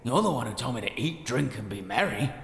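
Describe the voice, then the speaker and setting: A man's voice: medium pitch, lively intonation, fairly quick, vocal fry, fairly bright tone, reverberant, in a large hall, a little hiss or hum. A man voicing a swaggering male space pirate captain who talks bluntly and impatiently in an audio drama. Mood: brash.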